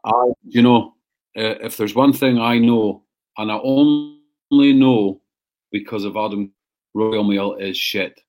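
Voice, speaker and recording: A man's voice: mid-range voice, fairly even intonation, a little slow, a little mellow. A man hosting a casual livestream, bantering with viewers and swearing freely. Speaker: livestream host.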